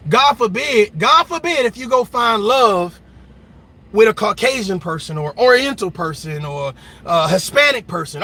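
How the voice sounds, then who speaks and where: High-pitched, bright, heated man ranting. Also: lively intonation, unhurried. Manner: loud, emphatic, mocking, repetitive. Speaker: reaction channel host. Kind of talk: heated reaction rant.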